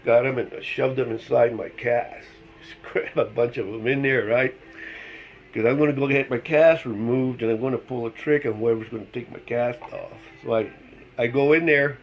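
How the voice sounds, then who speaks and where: Telling a personal story for his vlog, the middle-aged man laughs through it and acts out what others said, chatting casually at home with his dogs. His voice has a medium pitch and steady tone at a moderate pace, and the audio sounds dull.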